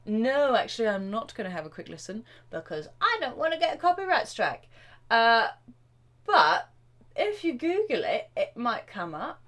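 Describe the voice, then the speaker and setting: A woman drum teacher hosting a live question-and-answer stream, chatty and excitable, with lots of fillers and self-interruptions. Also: a little high, moderate pace.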